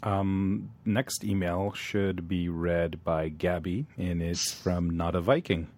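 A podcast co-host chatting casually, slow and halting with fillers. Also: low-pitched, fairly even intonation, a little mellow. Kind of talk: casual chat.

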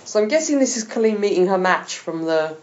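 A woman hosts a podcast in a chatty, enthusiastic way, laughing often as she talks. Her voice sits in a middle pitch. The recording sounds a little dull and lo-fi. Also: lively intonation, brisk. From England. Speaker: podcast host. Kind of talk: casual chat.

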